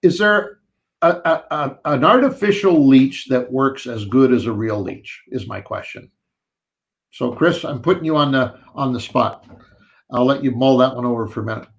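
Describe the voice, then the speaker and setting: A man's voice: medium pitch, normal speed. A man co-hosting a live fishing show, chatting animatedly and reading out viewer questions.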